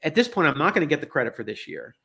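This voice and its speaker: A man's voice: fairly high pitch, sing-song, racing, creaky, fairly bright tone. A man co-hosting a podcast, telling a story in a casual, exasperated way and acting out the people he quotes. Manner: exasperated ranting. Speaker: podcast co-host. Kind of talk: casual chat.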